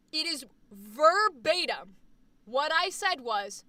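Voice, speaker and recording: A woman streamer in casual chat, animated and profane, swinging between loud and soft. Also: high voice, unhurried, no echo. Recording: dry sound, voice a bit far from the mic.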